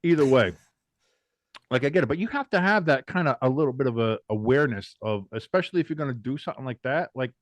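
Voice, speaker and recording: Sports podcast co-host, man, animated, profane, ranting; dry, close sound. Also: mid-range voice, quick pace, dry recording. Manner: animated, swears freely, ranting. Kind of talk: casual sports chat.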